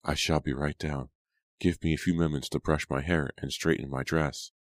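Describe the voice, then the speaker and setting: A stern young woman who accuses without hesitation, read by a man in a deep, very low register. She comes across firm and sharp-tongued, and the sound is close and dry. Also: steady tone, normal speed, dry recording. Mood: subdued. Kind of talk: audiobook character reading.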